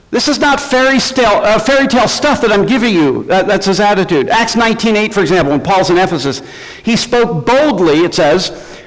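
A man preaching with a high, lively voice that leaps up and down as he presses his points. He speaks with emphasis and keeps asking rhetorical questions. The sound rings with a long hall reverb. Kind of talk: sermon.

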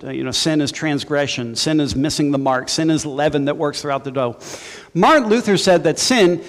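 A man's voice: a little high, in a large hall. A male pastor preaching a sermon in a conversational way, with humorous asides to his congregation.

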